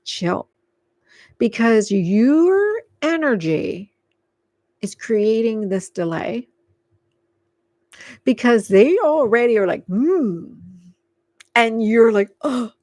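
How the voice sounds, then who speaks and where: A woman giving a live tarot reading, talking in a rambling, filler-heavy way and gently coaxing the listener to calm down. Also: a little high, takes it slowly, pauses often, no room sound. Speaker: tarot reader.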